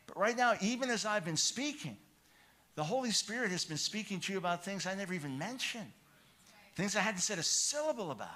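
A man preaching a sermon, telling a personal story with animated, rising excitement, then calling listeners to change. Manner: animated storytelling, grows loud and high when excited.

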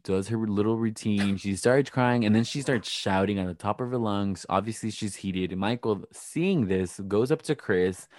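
A man co-hosting a casual chat, recapping events with animated retellings. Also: on the low side, normal speed, hardly any pauses, dry recording. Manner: animated, acts out quotes in voices. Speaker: podcast co-host recapping a reality show.

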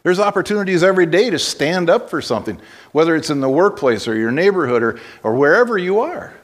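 A man's voice: on the high side, sing-song, quick pace. A man preaching a sermon as pastor, telling stories conversationally and breaking into blunt exhortations, with frequent restarts.

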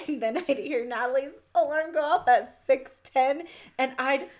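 A middle-aged woman chatting casually, telling family stories in an animated way and laughing often. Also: high voice, unhurried. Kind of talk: casual chat.

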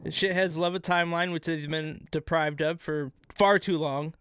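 A man co-hosting a casual podcast, telling history in a profane, excitable way. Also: fairly high pitch, moderate pace, clear, resonant tone. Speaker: podcast co-host. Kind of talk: casual chat.

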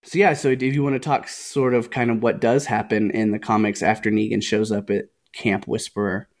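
A man co-hosting a casual podcast, chatting in a relaxed way, recounting scenes at length and laughing often. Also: fairly low pitch, a little fast. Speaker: podcast co-host. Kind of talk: casual podcast discussion of a TV show.

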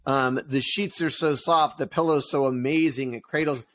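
A middle-aged man co-hosting a casual business chat, talking in an animated way and acting out sample ad voices. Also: mid-range voice, moderate pace. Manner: animated, acts out ad voices, laughs easily. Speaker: podcast co-host.

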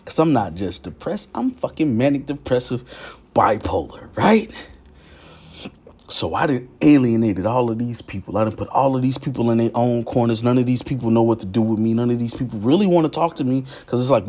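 A man hosting a podcast, talking in a candid, profane, confessional monologue that swings from low murmurs to heated outbursts. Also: expressive, fairly quick, a little mellow, slightly rough. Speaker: podcast host.

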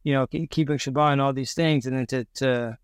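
A man's voice: medium pitch, fairly even intonation, fairly quick, clear, resonant tone, no echo, studio quality. A man hosting a podcast, asking casual questions in a hesitant way, repeating words. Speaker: podcast host.

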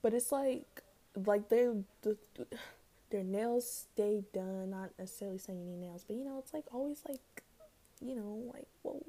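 A woman's voice: medium pitch, moderate pace, dark tone. A young woman hosting her own podcast, chatting casually and rambling with lots of slang and "like". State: out of breath. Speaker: podcast host. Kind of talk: casual solo podcast chat.

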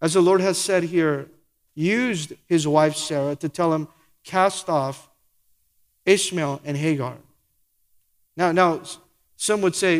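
A man's voice: on the high side, slow pace, long pauses, in a large hall. A man preaching a sermon as pastor, asking the congregation rhetorical questions and acting out quoted lines.

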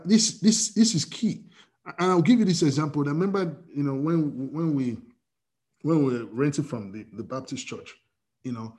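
A man's voice: mid-range voice, a little mellow. A man preaching as pastor, emphatic and repetitive, with many restarts and fillers. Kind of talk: sermon.

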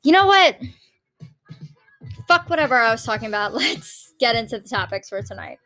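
A woman's voice: a little high, animated, fast, bright, forceful tone, soft background music. A young woman chatting casually to her viewers, rambling and swearing with giggles. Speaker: vlogger. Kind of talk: casual chat.

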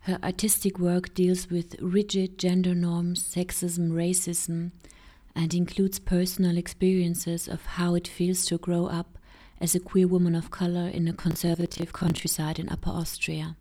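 A woman introduces the next artist at an event. Her voice is low, mellow and flat. She reads plainly and evenly. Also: moderate pace. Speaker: event presenter.

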